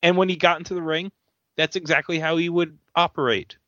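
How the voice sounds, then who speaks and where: A man's voice: a little high, fairly even intonation, fairly quick, bright, forceful tone, no echo. A man co-hosting a casual chat, hesitant and searching for words. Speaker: co-host. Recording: dull, dry lo-fi recording.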